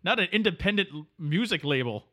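A man's voice: high voice, expressive, a little fast. A man hosting a comedic podcast, running a quiz game with teasing, joking casual chat. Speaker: podcast host, quizmaster.

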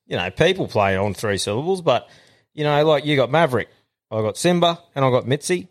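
Aussie bloke host, lively swinging voice, casual swearing chat. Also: male voice, medium pitch, a little fast. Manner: laughing, animated, swearing. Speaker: podcast host.

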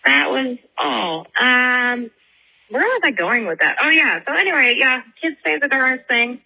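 A woman's voice: high voice, lively intonation, measured pace, gravelly, pushed and bright, highs cut off. A woman in her thirties from Northern California, leaving a rambling, giggly voicemail story full of likes and ums. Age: 30s. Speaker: podcast caller.

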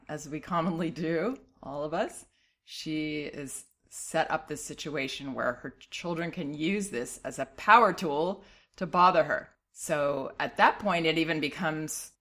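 A middle-aged woman with a somewhat low voice gives parenting advice in a calm, encouraging monologue. She sounds reassuring and steady, with a light laugh now and then as she answers a listener's letter.

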